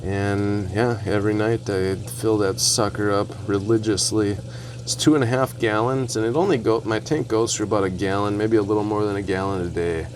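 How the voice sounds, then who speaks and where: A man vlogging a casual walkthrough of his home reef tank equipment, relaxed and rambling with fillers and asides. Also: fairly low pitch, moderate pace, noisy background. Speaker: aquarium hobbyist vlogger.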